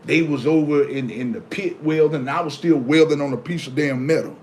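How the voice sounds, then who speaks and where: Middle-aged male vlogger, AAVE, chatty advice giver, animated, slightly high voice, light noise. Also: fairly quick. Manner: animated, acts out his own past reactions in high yelps. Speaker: vlogger reading viewer comments. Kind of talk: casual motivational talk.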